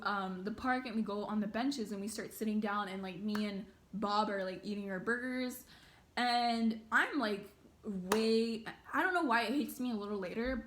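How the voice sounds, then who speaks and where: A woman's voice: fairly high pitch, a bit bright. A young woman casually telling a rambling story to her viewers, full of fillers and swearing. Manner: rambling, lots of filler words and swearing, bursts of laughter. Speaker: vlogger.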